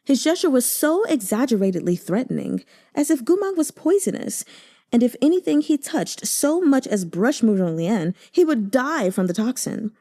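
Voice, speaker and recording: Brief: woman audiobook reader, mellow tone, very lively pitch, emotive. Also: moderate pace. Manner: expressive, emotive reading. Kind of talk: expressive novel narration.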